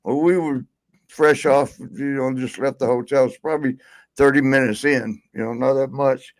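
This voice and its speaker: A man's voice: medium pitch, fairly even intonation, normal speed, dry recording, rough recording. A man telling a long road story in casual podcast chat, rambling with many fillers. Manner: rambling, lots of fillers and laughs. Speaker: podcast guest.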